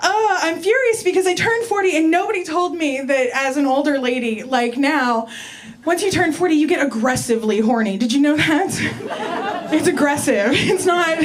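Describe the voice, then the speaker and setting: High-voiced woman doing stand-up. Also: animated, normal speed. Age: 40s. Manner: chatty, self-mocking, crude. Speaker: stand-up comedian. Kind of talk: stand-up comedy set. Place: live comedy venue with audience. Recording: live room with crowd noise. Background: audience laughter.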